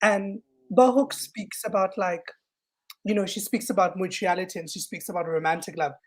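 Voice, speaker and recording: A woman co-hosting a podcast, speaking in a thoughtful, measured way. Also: on the low side, fairly even intonation. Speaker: podcast co-host. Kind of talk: casual chat.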